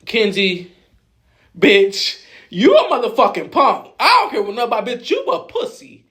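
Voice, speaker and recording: A man putting on a shrill, sassy female housemate who scolds someone in a high, mocking, profane voice. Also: normal speed, a bit bright. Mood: scolding.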